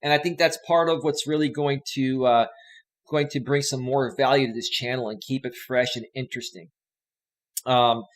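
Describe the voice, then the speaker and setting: A Northern California man hosts a casual live stream from a home green-screen setup with a desk mic, chatting upbeat and rambling while reading viewer comments aloud. His voice is medium-pitched and a bit bright.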